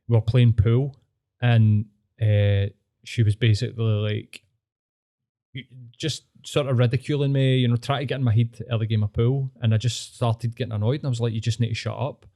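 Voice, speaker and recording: A man's voice: mid-range voice, fairly even intonation, moderate pace, mellow. A Scottish man hosting a podcast, telling rambling, sweary stories in casual chat. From Scotland. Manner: swears freely, rambling storytelling. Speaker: podcast host.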